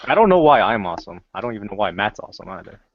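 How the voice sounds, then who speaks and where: A man's voice: lowish voice, very animated, rapid-fire, dull audio. A man in a casual live stream chat, teasing the others in a dry way. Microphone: online voice call.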